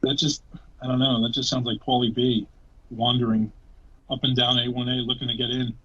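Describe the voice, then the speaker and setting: A man's voice: medium pitch, level tone, fairly quick, bright, forceful tone, breathy edge. A man hosting a casual podcast chat, teasing and joking sarcastically. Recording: dull lo-fi sound.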